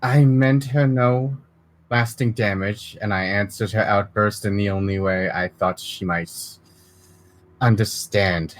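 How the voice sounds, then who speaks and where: A man's voice: on the low side, steady tone, natural voice. A man voicing a composed, formal male police officer in a tabletop game. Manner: slow, measured and courteous.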